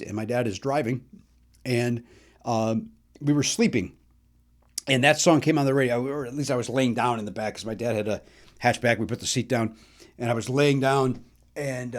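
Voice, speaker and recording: Chatty comedian man from Chicago. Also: a little high. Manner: chatty, self-deprecating, sings snatches of songs. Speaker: podcast host. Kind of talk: casual comedic storytelling about records.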